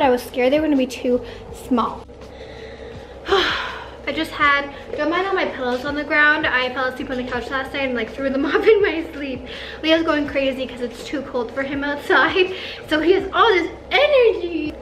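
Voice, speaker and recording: A woman's voice: sits high, slight background noise. A young woman in her twenties, rambling chattily with lots of "like" as she shows off her bedroom makeover in a casual home vlog. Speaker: vlogger.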